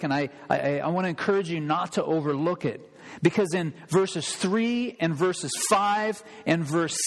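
A male pastor delivers a lively sermon in a slightly higher voice, talking straight to his congregation. He bursts into loud, acted-out quotes now and then. The sound carries a long reverb from a large church hall. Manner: animated, acts out scripture quotes with sudden loud outbursts; addresses congregation directly, rhetorical questions. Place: church sanctuary.

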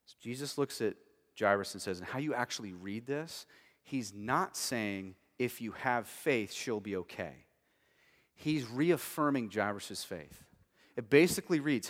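A man preaching an expository sermon, swinging between loud emphatic stretches and very quiet passages, checking in with listeners with "okay" and "right". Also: on the low side, lively intonation, moderate pace. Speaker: pastor. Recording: long hall reverb.

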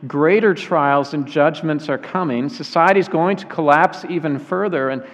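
A man preaching a sermon earnestly, slowing down to weigh key phrases. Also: mid-range voice. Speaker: pastor. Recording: dull sound with long hall reverb.

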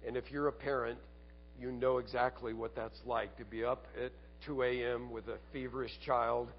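A man preaching a sermon as a pastor, earnest, asking rhetorical tag questions and sinking to quiet emphasis. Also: mid-range voice, flat delivery, normal speed, highs cut off, a little hiss or hum.

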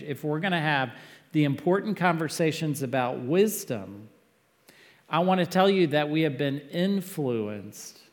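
Male pastor, fairly high voice, emphatic sermon delivery, long hall reverb. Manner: earnest, emphatic preaching with sudden loud peaks.

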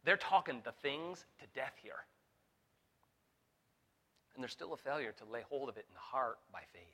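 Bright, fervent male preacher. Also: medium pitch, expressive. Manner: preaching with rising intensity, voicing Jesus in quotes; halting restarts and fillers. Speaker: pastor. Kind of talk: sermon.

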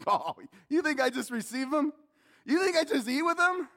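A preacher doing Jesus, bold and teasing, in a high voice. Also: male voice, moderate pace, bright, forceful tone, exaggerated voice. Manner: playful, mock-astonished. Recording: long hall reverb.

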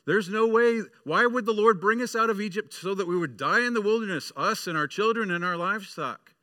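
Whiny, wailing crowd, pitched way up, acted by a man preaching. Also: brisk, bright, forceful tone, dry recording, studio quality. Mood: whining. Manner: wailing, complaining. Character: whiny frightened crowd of wandering adults.

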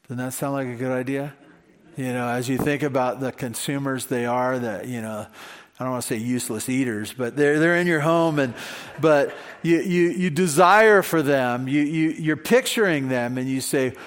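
A male pastor delivers a sermon conversationally, tossing out rhetorical questions and using many fillers and restarts. His voice sits in the mid range, with fairly even intonation at a normal pace.

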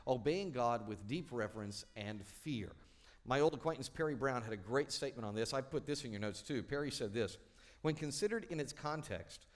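A middle-aged man preaching a sermon, telling stories and acting out the people in them. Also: fairly high pitch. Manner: storytelling, acts out quoted voices. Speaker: pastor.

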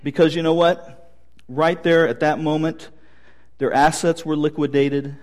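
Higher-voiced pastor telling stories. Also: male voice, fairly even intonation, a little slow, a little mellow. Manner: storytelling with light humor. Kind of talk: sermon.

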